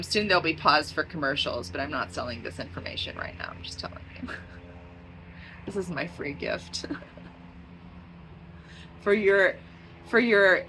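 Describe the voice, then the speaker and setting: A woman's voice: sits low, background noise. A woman talking in a rambling, stream-of-consciousness vlog, drifting into tangents and laughing often. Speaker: vlogger.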